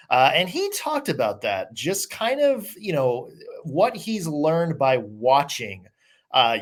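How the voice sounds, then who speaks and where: Male podcast host, animated delivery, upbeat and chatty. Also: medium pitch. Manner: upbeat, conversational with many fillers. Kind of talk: casual sports podcast chat.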